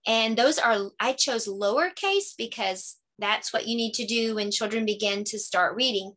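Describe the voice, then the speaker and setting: A woman teacher talking casually through her lesson ideas. She explains things chattily and sounds out words slowly when she demonstrates them. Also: fairly high pitch, fairly bright tone. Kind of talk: casual lesson-idea walkthrough.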